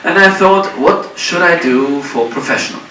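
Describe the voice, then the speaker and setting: A man's voice: a little high, lively intonation, normal speed, sharp tone, slight background noise. A man with a German accent, a native German speaker, giving a keynote speech in English. He tells his story with self-deprecating humor and acts out the dialogue he quotes. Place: large conference hall. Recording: echoey hall, distant mic.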